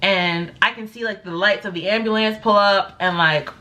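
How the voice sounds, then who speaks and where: A young woman vlogger telling a story casually, acting out quotes with big jumps in her voice. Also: moderate pace. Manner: animated, acts out quotes with big pitch jumps.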